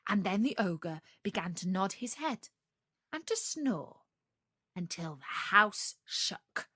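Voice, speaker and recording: A woman reading a fairy tale aloud for English learners, slow and expressive. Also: mid-range voice, dry recording, clean studio sound. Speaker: storyteller. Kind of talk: storybook narration for English learners.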